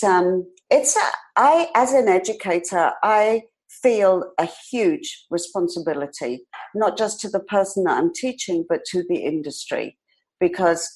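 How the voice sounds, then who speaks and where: An older British woman with a slight New York twang in her speech, sitting for a relaxed podcast interview. Her voice sits a little low, and she tells her stories with energy, laughing now and then. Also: low-quality recording. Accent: British with some New York twang. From Britain. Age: 60s. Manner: animated storyteller, acts out quoted voices, laughs often. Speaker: hair industry educator and guest.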